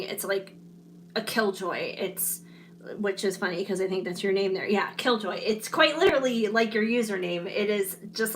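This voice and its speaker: Hoarse woman doing a live card reading. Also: medium pitch, fairly bright tone, slight background noise. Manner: chatty, reassuring, apologetic asides. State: hoarse, clearing her throat. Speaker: tarot reader.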